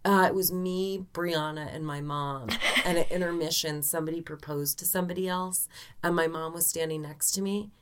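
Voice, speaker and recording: A woman co-hosting a podcast, casually telling an animated family story and laughing often. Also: sits low, moderate pace, background noise. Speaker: podcast co-host. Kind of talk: casual chat.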